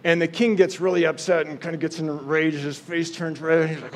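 A man's voice: on the high side, flat delivery, brisk. A man casually retelling a Bible story in a playful, chatty way. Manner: playful, chatty, acts out quotes.

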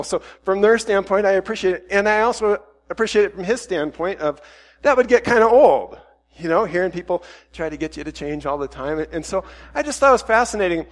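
A man's voice: high voice, expressive, fast. A middle-aged man preaching a casual, conversational sermon, often breaking off mid-thought and laughing between points. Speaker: pastor.

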